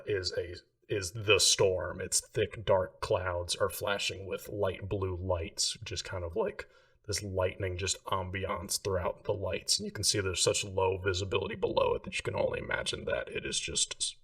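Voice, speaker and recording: Low-voiced guy game mastering, loose rambly narration, sitting back from the mic. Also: fairly bright tone, distant mic. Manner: loose, filler-heavy narration.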